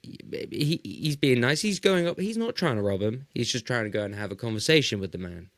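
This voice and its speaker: A man's voice: mid-range voice, lively intonation, brisk, dry recording. Joking man on a dry mic. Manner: joking, crude asides. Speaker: podcast co-host. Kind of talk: casual comedic banter.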